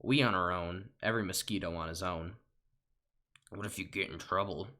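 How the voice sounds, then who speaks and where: Man doing a low, slangy mosquito dude for a comedy read, blunt and drawling. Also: fairly even intonation, moderate pace, bright, forceful tone. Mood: streetwise. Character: laid-back male mosquito, streetwise and blunt.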